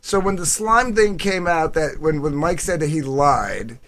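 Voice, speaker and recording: A man's voice: a little slow, a bit bright, dry recording. A man telling a long, rambling story in casual, profane chat, often quoting others. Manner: rambling, profane, quotes others in lowered voices.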